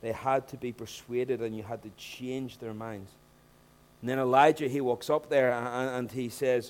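Animated male preacher with loud bursts. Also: mid-range voice, moderate pace. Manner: animated, rising to loud emphatic bursts when acting out scenes. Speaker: pastor. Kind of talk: sermon.

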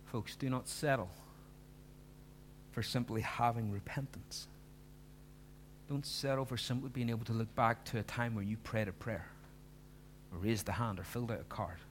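A man's voice: mid-range voice, steady tone, moderate pace, long pauses, slight background noise. A man preaching a sermon, earnest and pleading, pressing his listeners with emphatic questions.

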